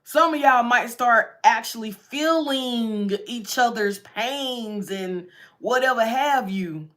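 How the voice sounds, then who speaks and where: A woman's voice: on the high side, slow pace, fairly bright tone. A woman giving a casual tarot reading, chatty and repetitive, often breaking into laughs. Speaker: tarot reader.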